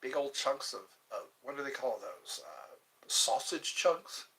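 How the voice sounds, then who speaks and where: An older man hosting a livestream, rambling casually and joking to himself in a slow, meandering way. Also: medium pitch, sing-song, vocal fry, a bit bright, poor audio. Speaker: livestream host.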